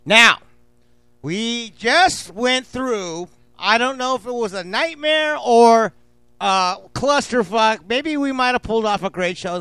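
A man's voice: sits high, pushed and bright, clean tone, dry recording. A man hosting a cooking show, talking in a brash, rambling way and swearing freely. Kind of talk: casual cooking show talk.

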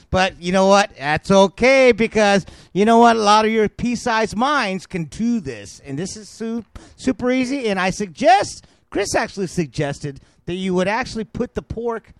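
A man hosting a comedic cooking podcast, loud and mocking, insulting his listeners and yelping now and then. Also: high voice, no echo. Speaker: podcast host.

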